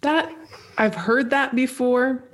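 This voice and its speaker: A woman's voice: high-pitched, slow pace. Chatty, enthusiastic woman at a trivia quiz. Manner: chatty, warmly enthusiastic, playful. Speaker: podcast co-host, quiz contestant. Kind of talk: casual chat, trivia quiz.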